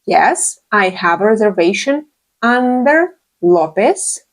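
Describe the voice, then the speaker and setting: A woman teaching a beginner English lesson, speaking slowly and repeating each phrase carefully. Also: mid-range voice, lively intonation.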